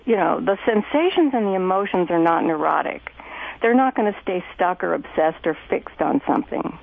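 A woman's voice: on the low side, lively intonation, normal speed, vocal fry, no room sound. A woman therapist hosting an interview, talking in an effusive, enthusiastic way with many restarts. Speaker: host and therapist. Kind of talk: conversational interview. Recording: phone-like lo-fi radio audio.

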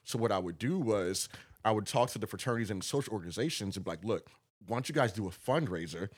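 Fast-talking husky man from Texas. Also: lowish voice. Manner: animated, acts out quotes with laughter. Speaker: guest promoter. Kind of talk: casual storytelling.

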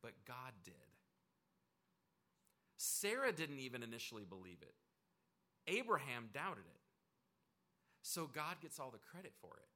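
A pastor preaching a conversational, emphatic sermon. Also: male voice, medium pitch, big pitch swings, unhurried, long pauses, bright, forceful tone.

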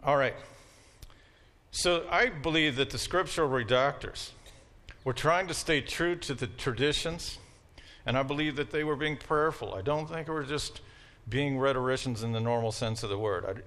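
A man with a Southern American accent giving a relaxed, conversational university lecture and often checking in with his students. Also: mid-range voice, moderate pace. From Southern United States. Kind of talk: classroom lecture.

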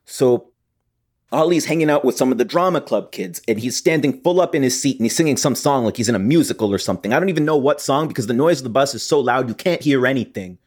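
A young actor playing a guilt-ridden, defensive teenage hockey player in a theatre monologue, rambling and constantly seeking agreement. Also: male voice, mid-range voice, animated, fast talker, a little mellow, lightly acted.

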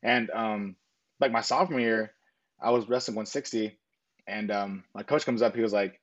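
A man's voice: lowish voice, fairly even intonation, brisk, dull audio. A young man telling a personal story in a casual, earnest way, full of fillers and quoted back-and-forth. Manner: earnest, rambling with frequent fillers and self-quotes. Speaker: interviewee.

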